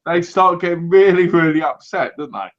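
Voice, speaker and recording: A man co-hosts a casual movie review, retelling scenes with lively energy and plenty of laughter. His voice sits a little high. The recording sounds dull and lo-fi. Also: normal speed. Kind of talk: casual chat.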